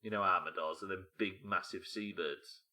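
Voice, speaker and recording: Low and steady at normal speed with a sharp tone, this man from Yorkshire, England, plays a game on stream and chats casually with viewers. In his Yorkshire accent, he jokes and asks questions out loud.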